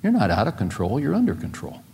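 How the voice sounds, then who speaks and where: A middle-aged man preaching a sermon to a room full of people, moving between emphatic points and quiet personal stories. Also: mid-range voice, wildly swooping pitch, fast. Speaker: pastor. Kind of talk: sermon to a live audience. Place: large room with an audience. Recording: long hall reverb.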